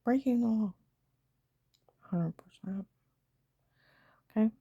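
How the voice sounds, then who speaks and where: Woman, low and dark-toned, gravelly and breathy, agitated vlog storytelling, dry close sound. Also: takes it slowly, no room sound, muffled recording. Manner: agitated, emphatic retelling with quoted dialogue.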